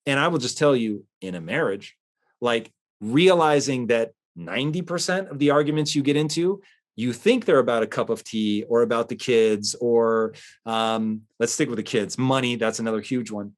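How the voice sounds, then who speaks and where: A man's voice: mid-range voice, normal speed. A man hosting a motivational talk, speaking emphatically in a conversational, storytelling way. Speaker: host.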